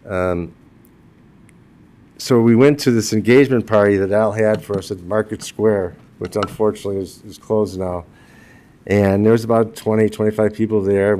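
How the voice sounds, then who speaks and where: A man in his sixties with a lowish, mellow voice delivers a eulogy for his wife. He tells it as humorous personal anecdotes, laughing at his own jokes.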